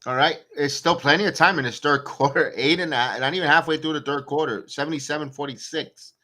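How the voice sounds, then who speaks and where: A man with a bright, fairly high voice calls a basketball game live for fellow fans. He reads out scores and plays in short bursts and swings between dry sarcasm and heated complaints about the coaching. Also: fairly quick. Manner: excitable, sarcastic, rants at the coach. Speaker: watch-along play-by-play host. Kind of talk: live fan play-by-play commentary.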